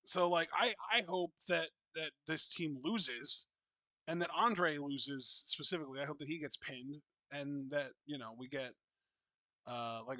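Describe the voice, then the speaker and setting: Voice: medium pitch, pushed and bright, no room sound. Earnest co-host with a dry close voice. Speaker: podcast co-host. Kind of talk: casual wrestling recap chat.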